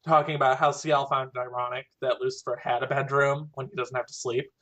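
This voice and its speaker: A man's voice: medium pitch, flat delivery, fast talker, fairly bright tone. A young man co-hosting a casual chat, rambling with lots of fillers and dry humor. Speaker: podcast co-host discussing fan fiction.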